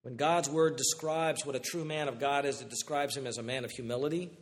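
A man, a pastor, preaching a sermon with animated delivery that swings from loud, rising calls to hushed, low passages. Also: fairly quick, big-room sound.

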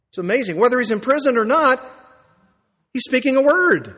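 Male pastor, high voice, emphatic sermon delivery, long echo from a church hall. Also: normal speed. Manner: emphatic, rising to excited peaks then dropping quiet. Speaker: preacher.

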